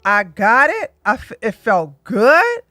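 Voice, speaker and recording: A woman's voice: on the high side, sing-song, slow, pushed and bright, no room sound, clean studio sound. A woman in her forties hosting a livestream, blunt and joking as she comments and tells stories. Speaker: livestream host. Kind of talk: casual commentary and storytelling.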